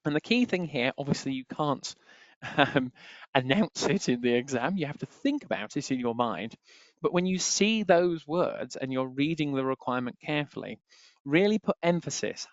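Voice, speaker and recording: A man's voice: medium pitch, no echo. A man teaching an exam-prep webinar in a chatty, repetitive way. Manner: chatty, repeats filler phrase "on there". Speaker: exam tutor. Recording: dry, slightly dull webinar audio.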